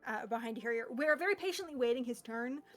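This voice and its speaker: A woman's voice: a little high, expressive, fast talker, faint music behind. A woman narrating a tabletop game as game master, chatty and full of fillers.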